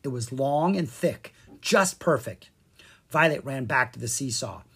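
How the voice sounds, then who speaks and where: A narrator reading a children's chapter book aloud, with animated storytelling and a distinct voice for each character. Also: mid-range voice, unhurried, creaky, husky. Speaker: audiobook narrator.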